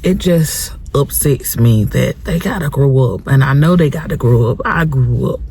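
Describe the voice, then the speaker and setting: A woman's voice: rumbling low, moderate pace, creaky, a little mellow, slight background noise. A woman hosting a vlog, chatting candidly to viewers about parenting her teenage son and repeating phrases for emphasis. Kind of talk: candid casual chat to viewers.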